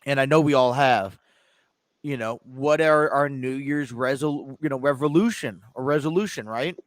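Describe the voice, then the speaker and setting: A man's voice: medium pitch, normal speed, dry recording. Rambling male podcast host, dry sound. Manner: rambling, many fillers and restarts. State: stuffy. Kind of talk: casual chat. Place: home studio in his living room.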